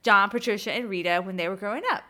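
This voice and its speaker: A woman's voice: medium pitch, fast, bright, forceful tone. A woman co-hosting a podcast, chatting casually about a movie and laughing often. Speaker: podcast co-host.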